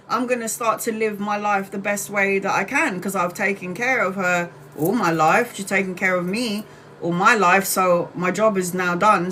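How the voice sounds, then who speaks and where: A woman hosting a tarot livestream, speaking casually at a middling pitch. She talks with strong feeling and leans hard on repeated phrases. There is a faint hum of background noise behind her. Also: a bit bright, low-quality recording. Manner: emotional and emphatic, repeating phrases for weight. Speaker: tarot reader.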